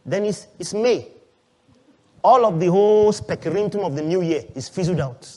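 Man preaching, high voice, loud then hushed, questions to the congregation, church sermon. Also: measured pace. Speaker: pastor.

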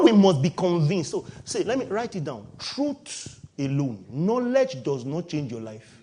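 Man, middle-aged, sermon, lively pitch, loud exclaiming and quiet asides. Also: unhurried, breathy edge. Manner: animated, shifts from loud exclaiming to low asides. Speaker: pastor.

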